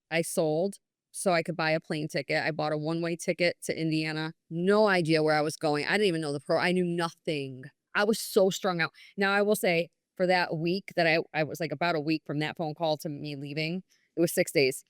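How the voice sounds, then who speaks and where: A New York woman appears as a podcast guest, earnestly and candidly telling her personal story, often quoting herself and others with lots of "I was like" and reported dialogue. Her voice sits low with a steady tone, brisk and smooth. The studio recording is clean, with no room sound.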